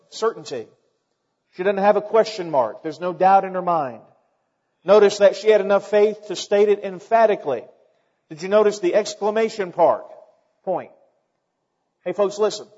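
A man preaching as pastor, his voice sitting high and pushing up into emphatic exclamations. The sound is dull and lo-fi, with a long reverb trailing off the church walls. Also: darkish tone. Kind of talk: sermon.

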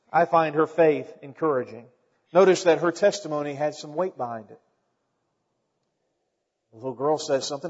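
A man's voice: on the high side, a little mellow, in a large hall, muffled recording. A man preaching a sermon as pastor, emphatic, his voice rising with exclamations. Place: church.

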